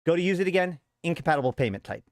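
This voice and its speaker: A male host in a casual, animated rant, his voice sitting a little high. He tells the story to his viewers and acts out what others said to him. The sound is dry and close. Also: very fast, dry recording. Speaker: show host. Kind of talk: casual rant to a live audience.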